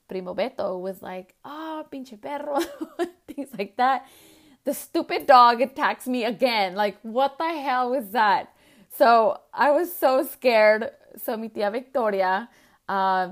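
Woman podcaster and health coach, casual storyteller who laughs often and drops Spanish words, mid-pitched voice. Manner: chatty, laughing, mixes Spanish words into English.

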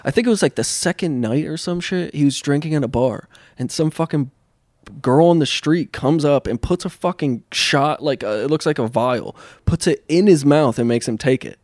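A man's voice: fairly high pitch, moderate pace, a little mellow, no echo, clean studio sound. A young man co-hosting a podcast, telling a long rambling story in casual chat, full of swearing and laughing as he goes. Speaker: podcast co-host.

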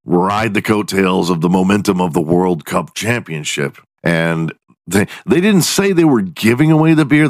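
A man with a fairly low voice delivers a casual, profanity-heavy podcast rant. He jumps up high in pitch for sarcastic punchlines. The sound is dry and close, with no room echo. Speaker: podcast host.

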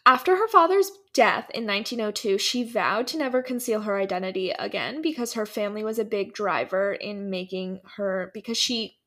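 A woman's voice: medium pitch, moderate pace, hardly any pauses, fairly bright tone. A woman co-hosting a podcast, telling a story in casual chat, laughing often and filling with "like". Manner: chatty, laughs often, many "like" fillers.

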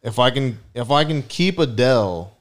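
A man's voice: medium pitch, lively intonation, moderate pace. A man co-hosting a casual sports podcast, joking, swearing and steering the questions. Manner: profane, joking, steers the segment. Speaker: podcast co-host.

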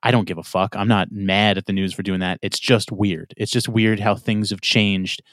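A man's voice: fairly low pitch, fairly even intonation, moderate pace, fairly bright tone, dry recording, clean studio sound. Laid-back man hosting a podcast. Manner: laid-back, swearing, filler-heavy. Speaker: podcast host. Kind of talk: casual chat.

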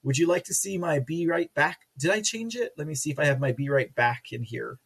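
Texan man, livestream host; loose, self-mocking chatter, light laughing, slightly high pitch. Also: expressive, a little fast, vocal fry, fairly bright tone, breathy edge. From Texas. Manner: giggly, rambling, self-mocking. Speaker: livestream host reading chat. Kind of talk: casual live commentary.

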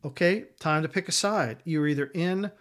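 Male pastor, sermon, emphatic, repeats lines, somewhat high pitch. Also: moderate pace, fairly bright tone.

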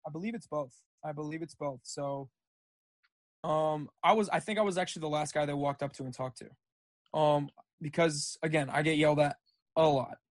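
A young man talking on a podcast in a relaxed, rambling way, dropping "dude" and "like" as he tells his stories. His voice sits somewhat high for a man. The recording is dry and close. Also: normal speed, dry recording. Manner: laid-back, rambling storyteller saying "dude" and "like". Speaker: podcast guest, junior college football player. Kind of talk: casual chat.

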